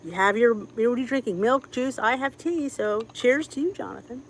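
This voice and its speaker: A woman's voice: fairly high pitch, animated, moderate pace, hardly any pauses, low-quality recording. Chatty Philadelphia woman hosting a live stream. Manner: chatty, greets viewers by name, many fillers. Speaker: cooking channel host. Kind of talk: casual live-stream chat.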